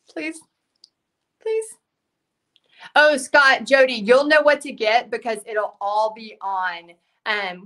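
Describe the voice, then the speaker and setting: Hosting a live stream while she paints, this woman chats away, reads viewers' comments aloud and fills gaps with lots of fillers, all while losing her voice. It's a somewhat bright voice on the high side.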